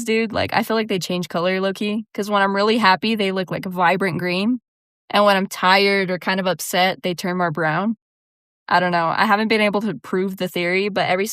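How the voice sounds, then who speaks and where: A young woman hosts her own podcast in a casual solo monologue, chatty and laughing often, with "dude" and "like" all through her speech. Her mid-range voice is a bit bright and clean. The recording is dry, with clean studio sound.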